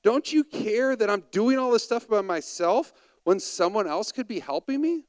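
A man's voice: high voice, expressive, clear, resonant tone, no room sound, voice pushed up, low-quality recording. A man playing a frazzled, overworked woman who fires off exasperated complaints. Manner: rapid-fire exasperated complaining questions.

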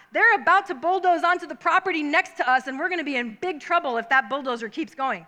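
A woman preaching with a high, bright voice, telling a family story with lots of energy. She acts out the people in the story, jumping up into loud, high shouts. Her delivery is expressive and storytelling-driven. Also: fairly quick, hardly any pauses. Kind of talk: sermon with storytelling.

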